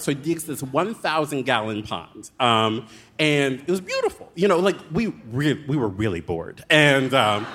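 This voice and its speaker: A man telling a dramatic, comic story as a guest author on a live show, with quick asides. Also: mid-range voice, a bit bright.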